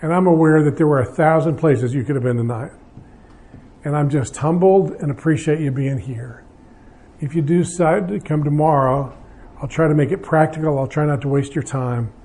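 An older male pastor speaking to a gathered audience at an evening marriage seminar. His voice sits a little higher than most men's but has a mellow, warm tone. He talks conversationally, joking at his own expense and often restarting his sentences. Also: normal speed. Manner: conversational, self-deprecating, with frequent restarts.

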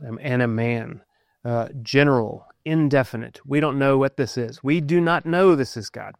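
A man preaching a sermon, reading scripture aloud and explaining it, with many pauses and filler words as he thinks aloud. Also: mid-range voice, smooth, no echo. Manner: halting, many ums and uhs, thinking aloud.

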